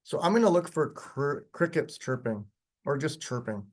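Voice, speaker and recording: A man's voice: fairly high pitch, animated, moderate pace. Chatty male workshop instructor. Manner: casual, chatty, with short chuckles and frequent ums. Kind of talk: live software demonstration lecture.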